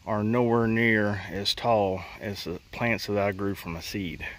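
A man's voice: lowish voice, steady tone, measured pace, fairly bright tone, a little hiss or hum. A man talking casually while working in his backyard garden, folksy and blunt with some mild cussing. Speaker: homesteading vlogger.

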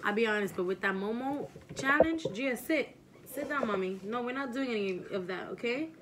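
A young woman hosting a casual eating vlog, chatting to viewers and gently minding her child between bites. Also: a little high, normal speed, a crowd in the background. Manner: relaxed, motherly, chatty while eating. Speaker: mukbang vlogger, mother.

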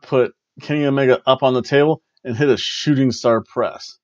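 A man hosting a wrestling review podcast, recapping a show in casual chat and slipping into quick mimicry of wrestlers. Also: mid-range voice, dry recording, dull audio. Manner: animated, mimics wrestlers and announcers in quick asides.

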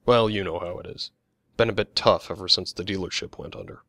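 A man's voice: low-pitched, a little fast, a bit bright, no room sound, studio quality. A man voicing a short, down-on-his-luck young man who mutters evasively. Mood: glum. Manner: noncommittal, muttering.

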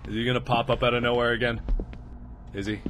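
A man's voice: medium pitch, flat delivery, fast, a bit bright. A man playing a horror game, breaking into panicked shrieks and nervous laughter. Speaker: gamer. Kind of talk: horror game let's play.

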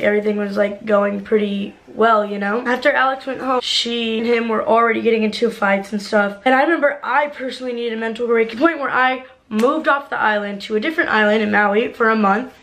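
A woman's voice: on the high side, fairly bright tone. A young woman telling a dramatic story in a casual vlog, peppered with "like" and swearing. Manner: casual, rapid, full of "like" and swearing.

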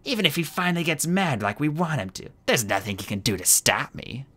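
A harsh adult she-dragon snaps out cold, clipped lines, voiced by an audiobook reader. The reading moves lively through pitch, storybook style. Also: a little fast. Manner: sharp, snapping.

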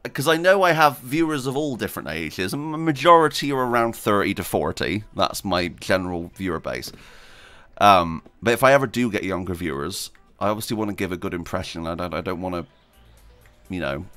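A man's voice: low voice, expressive, brisk, a bit bright, no room sound, faint music behind. A man hosting a gaming video, chatting casually and rambling while he plays, laughing often and talking to himself. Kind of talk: casual gameplay commentary.

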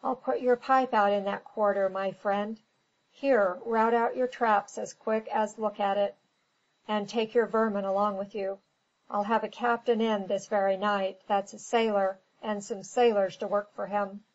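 A woman's voice: mid-range voice, fairly even intonation, a little slow, dull audio, natural voice. A woman reading a storybook, voicing an impatient, snappish American businessman. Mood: angry. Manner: snappish, blustering.

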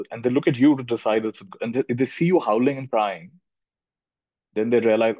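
A man's voice: medium pitch, fast talker, a little mellow, no room sound. A middle-aged man from India, giving a thoughtful spiritual talk as a teacher and repeating phrases for emphasis. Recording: dull lo-fi recording.

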